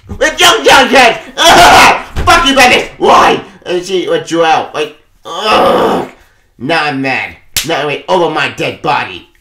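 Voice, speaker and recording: Excitable cursing man reviewing comics. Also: high voice, reverberant, slight background noise. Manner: excitable, swears a lot, laughs often. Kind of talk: casual spoken review.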